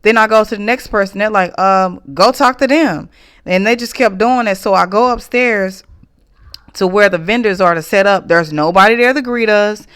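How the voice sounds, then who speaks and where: A woman, casually recounting a frustrating experience in a vlog, emotional and halting with restarts. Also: medium pitch, a bit bright, clean tone. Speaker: small business owner reviewing an event.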